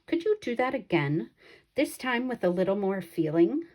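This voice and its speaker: A woman voicing a smooth-talking male circus showman who coaxes in an overly polite way. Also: mid-range voice, big pitch swings, normal speed, darkish tone. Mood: approving.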